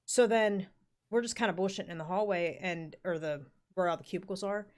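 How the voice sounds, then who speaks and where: A woman's voice: lowish voice, brisk, a little mellow. A woman in her forties telling a rambling work story in casual chat, full of fillers and the odd swear word. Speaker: podcast co-host.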